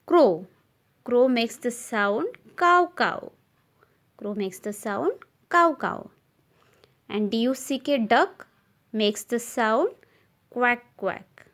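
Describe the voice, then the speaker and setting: A woman teacher with an Indian English accent, leading young children through a slow classroom recitation and spelling each word letter by letter. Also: fairly high pitch. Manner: spells words letter by letter and repeats them.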